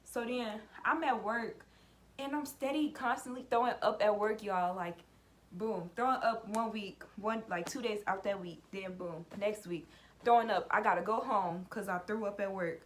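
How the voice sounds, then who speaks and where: A woman's voice: mid-range voice, moderate pace, a little hiss or hum. A young adult woman vlogger telling a personal story in a loose, chatty way, often saying "like" and addressing her viewers as "y'all". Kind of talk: casual story time.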